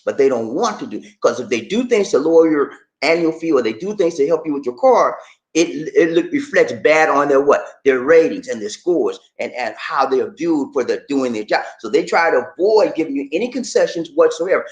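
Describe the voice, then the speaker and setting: A man giving casual money advice in an animated way, laughing often and acting out phone calls. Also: on the high side, brisk, reverberant, rough recording. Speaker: personal finance vlogger.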